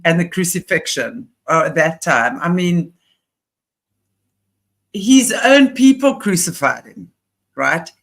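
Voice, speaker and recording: A woman's voice: on the low side, lively intonation, slow pace, pauses often. A woman co-hosting a spiritual talk show, rambling loosely and often trailing off to restart a word. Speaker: co-host. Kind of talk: casual spiritual discussion.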